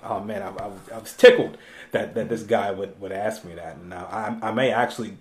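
A male actor chatting as an interview guest, halting with many fillers and restarts and laughing easily. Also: on the low side, fairly even intonation. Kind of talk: casual interview chat. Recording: roomy echo.

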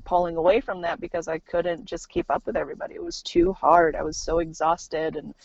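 A woman's voice: low-pitched, fairly even intonation, a little fast, gravelly, darkish tone, no echo. A young adult woman, a podcast guest, telling a personal story in casual chat, laughing often and acting out the people she quotes. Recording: slightly dull, dry recording.

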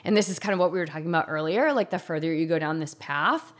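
A woman's voice: deep voice, lively intonation, fast talker. A woman telling a painful personal story in an intense, confessional way, saying "like" often. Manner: intense, confessional, heavy use of "like".

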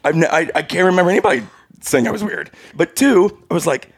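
A man's voice: fairly high pitch, lively intonation, fast talker, slightly rough, dry recording. A man in his thirties co-hosting a podcast, telling funny stories in a self-deprecating way and laughing often. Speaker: podcast co-host. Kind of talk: casual chat, storytelling.

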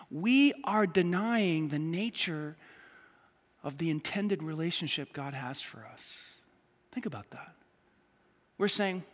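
Animated high-voiced male pastor. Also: long reverb tail. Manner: animated, emphatic, acts out quotes. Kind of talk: sermon. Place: church auditorium with a live congregation.

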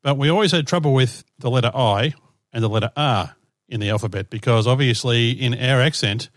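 A man's voice: medium pitch, fairly quick, no echo. A man in his fifties with an Australian accent, co-hosting a podcast in a chatty, self-mocking way and laughing often. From southern Australia. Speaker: podcast co-host. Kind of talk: casual chat.

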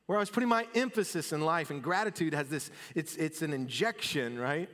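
A man preaching a sermon in a relaxed, talky way, dropping almost to a hush and then lifting his voice again. His voice carries a long reverb from a big sanctuary. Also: sits high, moderate pace. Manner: conversational, swings between soft and loud. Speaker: pastor.

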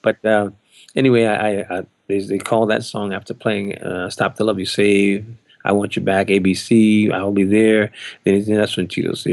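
A drummer in his sixties telling a story in an animated way, often acting out the voices of other people in it. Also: lowish voice, normal speed, vocal fry, dry recording. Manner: animated, acts out quoted voices. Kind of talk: anecdotal storytelling.

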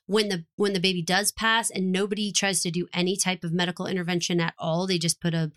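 A woman co-hosting a casual TV recap podcast. She talks in quick bursts and acts out lines from the show. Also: fairly low pitch, little pitch movement, fairly bright tone. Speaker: podcast co-host.

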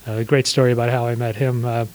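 A man's voice: mid-range voice, fast talker, rough recording. Easygoing man in his sixties telling stories. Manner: relaxed, rambling with many fillers and restarts. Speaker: guest, small business owner. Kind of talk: casual storytelling interview.

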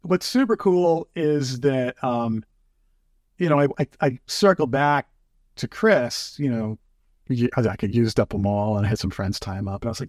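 A man's voice: medium pitch, normal speed, no room sound, clean studio sound. A man telling fishing stories in casual chat, acting out quotes with lots of fillers. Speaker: fly fishing guest.

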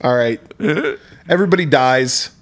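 A man's voice: normal speed, slight background noise. A man co-hosting a film podcast, chatting casually, cursing a lot and mocking the plot. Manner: profane, mocking, acts out scenes in squeaky voices. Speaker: podcast co-host. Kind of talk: casual chat.

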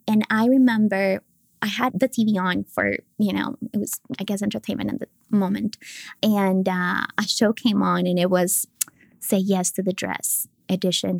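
A woman in her thirties, a podcast guest, telling a personal faith story in an earnest, emotional way, sometimes dropping to a soft whisper. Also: medium pitch, creaky, no echo.

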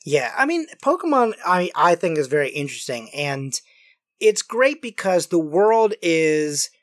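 A podcast guest chatting casually about video games in an animated, rambling way with many fillers. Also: mid-range voice, unhurried, no room sound, clean studio sound.

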